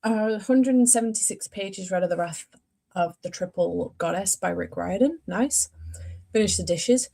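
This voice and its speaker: A woman's voice: mid-range voice, moderate pace, gravelly, dark tone, slight background noise. A young woman chatting casually about her reading as a book vlogger, rambling, correcting herself and laughing often. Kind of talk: casual chat.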